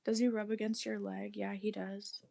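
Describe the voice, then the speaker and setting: A woman's voice: medium pitch, little pitch movement, moderate pace, vocal fry, background noise. A young woman chatting casually while cleaning her apartment, rambling with lots of fillers and casual swearing. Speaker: vlogger.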